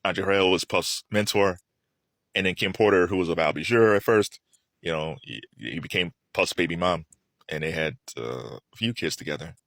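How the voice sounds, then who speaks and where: A man giving casual solo commentary, chatty and animated, laughing often and restarting his sentences. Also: sits low, normal speed, dry recording, clean studio sound.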